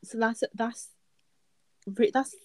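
A woman's voice: on the high side, fairly even intonation, takes it slowly, a little mellow, dry recording, rough recording. Chatty young woman, dry close mic. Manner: chatty, filler-heavy, laughs often. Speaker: advice podcast co-host. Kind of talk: casual chat.

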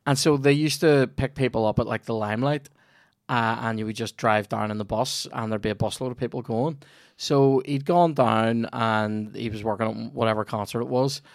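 Northern Irish male host, swears freely, spins lively yarns, dead-dry recording. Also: mid-range voice, normal speed, vocal fry, no room sound. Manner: sweary, animated anecdote telling. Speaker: podcast host. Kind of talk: casual comedy podcast chat.

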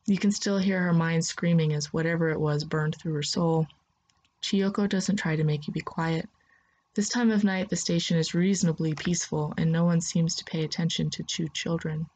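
A woman narrating a second-person story in a soft, steady voice. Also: deep voice, moderate pace.

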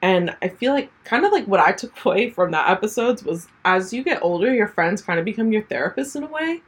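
A young woman in her twenties co-hosting a podcast, chatting casually and telling animated stories with a husky voice. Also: mid-range voice, brisk. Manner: chatty, animated storytelling with laughs. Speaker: podcast co-host. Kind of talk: casual chat.

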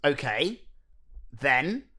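A man's voice: medium pitch, big pitch swings, drawn-out words, pushed and bright. Man, podcast co-host, casual chat, wry amused storyteller. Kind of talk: casual chat recapping a film.

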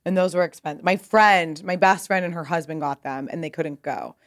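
A woman's voice: on the low side, fairly even intonation, fairly quick. A woman in her thirties from California, a guest telling stories in a casual, rambling way with lots of "like" and casual swearing. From Pasadena, California. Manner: chatty, rambling, heavy use of "like", swears casually. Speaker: guest, clothing brand founder. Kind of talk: casual interview storytelling.

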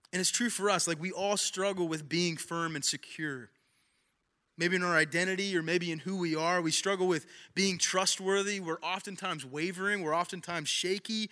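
A man's voice: high-pitched, bright, forceful tone. A young man preaching a sermon in a casual, conversational way, repeating phrases for emphasis. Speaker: pastor.

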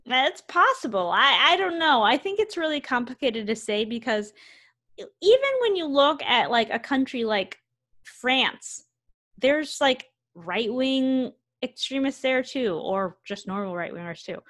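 A woman's voice: high-pitched, expressive, unhurried, fairly bright tone. Woman podcast co-host, conversational, reads quotes with asides. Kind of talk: casual podcast chat reading news.

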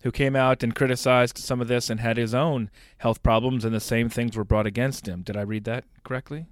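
A man's voice: medium pitch, little pitch movement, brisk, no echo, clean studio sound. A man hosting an interview, asking probing questions and checking that he has the facts right.

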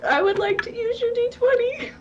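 A woman's voice: very high voice, moderate pace, dull audio, a crowd in the background. A woman playing a tabletop role-playing game, giggly and playful. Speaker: player.

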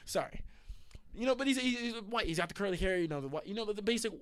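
A man with a slightly sick, raspy voice, casually telling a rambling, laughing, profane story on a studio podcast. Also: high-pitched, lively intonation, quick pace. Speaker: podcast host.

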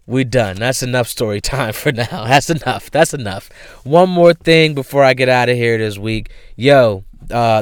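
A young man hosting a podcast, telling stories in a profane, animated monologue and laughing often. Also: medium pitch, clean tone, no room sound, clean studio sound. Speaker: podcast host. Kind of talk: casual comedic monologue.

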